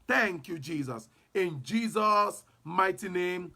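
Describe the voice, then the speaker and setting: A man's voice: high-pitched, animated, takes it slowly, pushed and bright. A man preaching a fervent sermon and leading prayer, repeating declarations and breaking into tongues. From Nigeria. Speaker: apostle and preacher.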